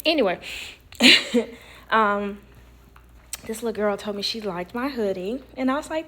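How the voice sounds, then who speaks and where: A woman tells a casual story to camera. She is animated and lively, acting out what people said. She laughs often as she talks. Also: medium pitch, a little slow, pauses often, a little hiss or hum. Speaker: storyteller vlogger.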